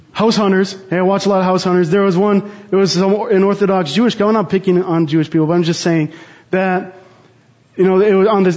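A man's voice: high-pitched, a little mellow, lo-fi sound. A man co-hosting a Bible study, teaching in an earnest, rambling way with frequent restarts.

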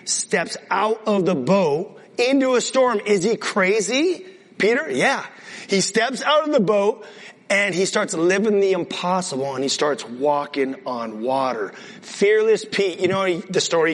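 A man's voice: high-pitched, a bit bright, big-room sound, low-quality recording. A man preaching a sermon, acting out Bible characters in casual modern speech with big swings of voice. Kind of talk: animated sermon.

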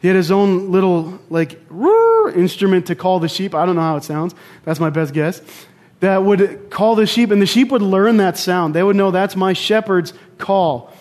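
A man's voice: sits high, expressive, moderate pace, darkish tone. A young man preaching a casual sermon, talking conversationally with asides and personal stories. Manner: conversational, storytelling with asides and restarts.

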